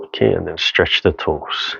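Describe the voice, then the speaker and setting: A man teaching a seated tai chi and qigong class over a video call, giving slow, gentle instructions with sighing breaths. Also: sits low, vocal fry, slightly rough, highs cut off. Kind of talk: guided seated exercise class.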